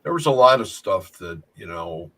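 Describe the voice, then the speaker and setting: A man with a low-pitched, husky voice tells stories in a relaxed group chat. He rambles, circles back and restarts his sentences as he goes. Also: moderate pace, poor audio. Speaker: paranormal investigator. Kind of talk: casual storytelling chat.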